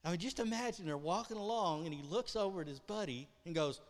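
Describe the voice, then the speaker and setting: A man preaching a sermon, telling a story with great animation, acting out voices and swinging between loud outbursts and hushed lines. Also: high-pitched, fast, in a large hall. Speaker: pastor.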